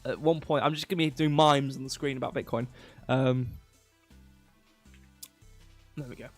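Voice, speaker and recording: A man hosting a crypto livestream in casual chat, rambling, restarting sentences and reading chat aloud while slowly losing his voice. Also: mid-range voice, fairly even intonation, dry recording, faint music behind. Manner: rambling, self-interrupting, reads chat aloud. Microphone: desk mic.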